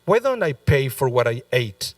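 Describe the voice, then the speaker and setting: A man acting out an embarrassed guest who pleads in a hushed voice to be allowed to stay. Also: medium pitch, big pitch swings, moderate pace, dry recording, clean studio sound, far from the mic, natural voice. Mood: pleading.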